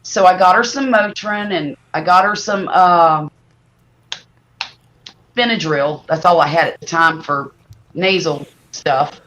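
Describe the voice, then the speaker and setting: Middle-aged woman, chatty livestream host who tells stories with lively exaggeration. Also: lowish voice, a little slow, long pauses, slight background noise. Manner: animated, exaggerating storyteller. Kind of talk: casual storytelling chat.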